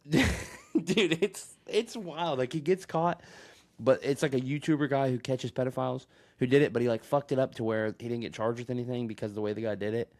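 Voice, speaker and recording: A man in middle pitch tells a long, crude story in loose, rambling podcast chat, laughing as he goes. He is recorded on a phone. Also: a little fast, darkish tone. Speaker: podcast co-host. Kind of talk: casual chat.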